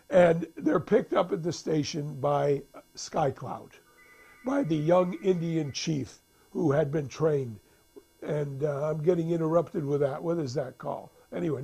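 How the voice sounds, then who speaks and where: A man's voice: on the high side, a little mellow, slightly rough. A man casually retelling a film's plot, rambling with many restarts and acting out the characters' lines. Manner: rambling, full of restarts and fillers, acts out quotes. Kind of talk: casual storytelling.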